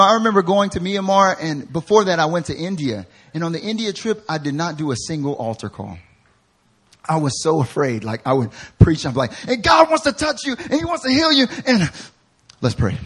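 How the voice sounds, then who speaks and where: A man preaches a sermon in a slightly high, husky voice. He drifts between low, joking asides and quoted voices he plays for laughs, then climbs to loud, fervent shouting. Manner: acts out quoted voices with humor. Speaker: pastor.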